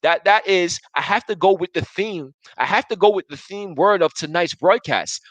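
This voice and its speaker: A man's voice: high voice, normal speed, fairly bright tone, no room sound, poor audio. A man in his thirties hosting a live sports talk show, arguing emphatically and restarting his sentences as he reads viewer comments. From Buffalo area, US. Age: 30s.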